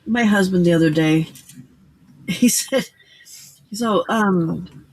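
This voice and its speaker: A woman's voice: fairly low pitch, takes it slowly, a little hiss or hum, poor audio. Giggly rambling American woman host. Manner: rambling, laughs often, self-teasing. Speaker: livestream host. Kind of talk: casual chat while crafting.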